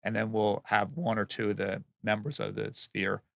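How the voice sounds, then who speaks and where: A man's voice: fairly low pitch, level tone, moderate pace, gravelly, a bit bright, dry recording, clean studio sound. A man who builds and remodels homes, answering interview questions in a plain, earnest way and often restarting his words.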